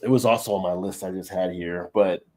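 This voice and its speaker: A man's voice: deep voice, steady tone, a little fast, a little mellow. A man in casual chat on a live stream, telling rambling beer-trip stories and laughing often. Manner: rambling anecdotes with frequent laughter.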